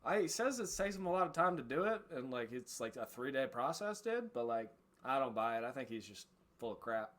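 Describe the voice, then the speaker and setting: A man's voice: medium pitch, sing-song, fairly quick, a bit bright. A man voicing a laid-back surfer-dude bandit leader who drawls slang and calls everyone dude, in a tabletop game. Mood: dismissive.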